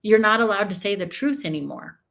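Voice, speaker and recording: A woman's voice: mid-range voice, expressive, a little fast, vocal fry, fairly bright tone. An American woman giving emotional, emphatic political reaction commentary, often repeating her points. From United States. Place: home.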